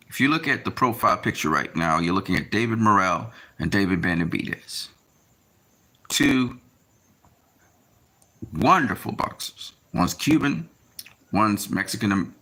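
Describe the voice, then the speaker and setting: A man talking casually in a rambling monologue, often pausing with fillers as he tries to recall names. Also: medium pitch, gravelly, bright, forceful tone. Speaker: boxing commentator.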